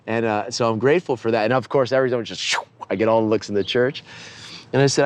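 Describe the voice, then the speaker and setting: An activist man telling a story with lively energy. He slips into the voices of the people he quotes as he goes. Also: medium pitch, quick pace. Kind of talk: animated storytelling.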